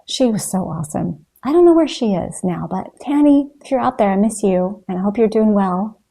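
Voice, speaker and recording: A woman's voice: medium pitch, expressive, moderate pace, creaky, warm tone. A woman talking in a motivational vlog, earnest and encouraging as she addresses her viewers. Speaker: raw food vlogger.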